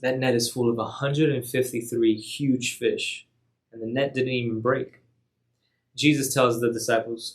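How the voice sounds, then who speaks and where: A man telling a Bible story for a youth ministry in a relaxed, slangy way. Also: mid-range voice, unhurried. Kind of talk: casual Bible story retelling.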